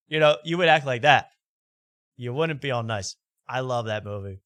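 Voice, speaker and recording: A man hosting a late-night comedy show, riffing in loud, rambling, jokey rants. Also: medium pitch, lively intonation, normal speed, no echo, clean studio sound. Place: studio.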